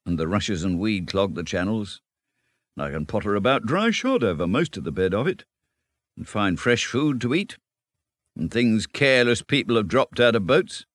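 A man reading a storybook, voicing a cheerful, self-assured male water rat who talks briskly and chattily. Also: on the low side, animated, no room sound, pitched above the performer's own voice. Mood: chatty. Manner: brisk, chatty, lightly laughing.

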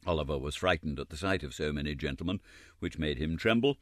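A man reading a classic novel aloud as an audiobook narrator, expressive and wry. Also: extremely low pitch, quick pace, no room sound, clean studio sound.

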